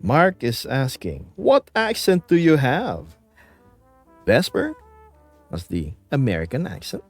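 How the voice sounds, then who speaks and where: A man's voice: medium pitch, huge pitch swings, takes it slowly, dry recording, faint music behind. A man from the Philippines with a light Filipino accent, chatting playfully and rambling on a live stream from home. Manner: playful, rambling, reads chat aloud. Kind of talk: casual live-stream chat.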